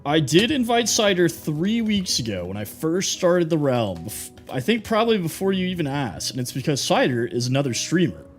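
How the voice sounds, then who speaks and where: A man's voice: a little high, big pitch swings, normal speed, few pauses, faint music behind. A man live-streaming a building game, chatting casually and teasing his viewers as he reads their messages. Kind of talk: casual gameplay live stream, reading chat.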